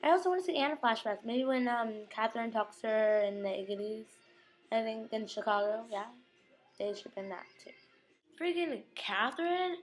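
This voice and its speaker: A young woman giving a casual fan recap of a TV episode, chatty and slangy, acting out scenes in quick quoted asides. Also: a little high, animated, soft background music, poor audio.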